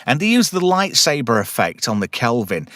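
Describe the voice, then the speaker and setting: A man's voice: medium pitch, moderate pace, no echo, studio quality. Chatty man retelling film scenes. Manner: animated storyteller, hums theme tunes. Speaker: podcast host. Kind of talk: casual film review chat.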